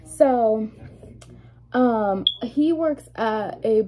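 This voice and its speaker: A young adult woman talks casually to her viewers while doing her makeup at home. Her voice sits a little high but is warm and mellow. She tells her story in an animated, indignant way, full of fillers. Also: extremely slow, poor audio. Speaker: vlogger.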